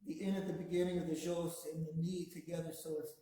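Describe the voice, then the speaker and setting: A man teaching a language class, pronouncing each word slowly and patiently so the class can repeat it back. His voice sits a little high for a man. The room around him is strongly echoey. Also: little pitch movement, warm tone. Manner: slow and patient, says words for the class to repeat. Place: classroom, also streamed to a video call.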